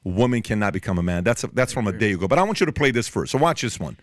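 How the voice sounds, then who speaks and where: Low-voiced, blunt podcast host. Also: male voice, big pitch swings, racing, no echo, studio quality. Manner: blunt, teasing, repeats himself. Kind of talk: casual podcast chat.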